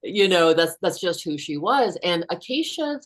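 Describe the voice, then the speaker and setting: A woman in her fifties, a guest author, telling a personal story in an earnest, unhurried way. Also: fairly low pitch, sing-song.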